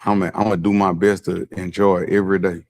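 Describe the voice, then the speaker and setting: A man's voice: low voice, little pitch movement, brisk, darkish tone. A man talking casually and bluntly in a played interview clip, in a laid-back drawl.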